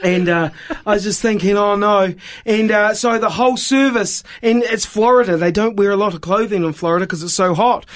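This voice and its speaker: High-voiced New man telling a story. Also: brisk. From New Zealand. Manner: animated storyteller, voice climbing high when excited. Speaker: evangelist guest. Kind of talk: storytelling on a radio show.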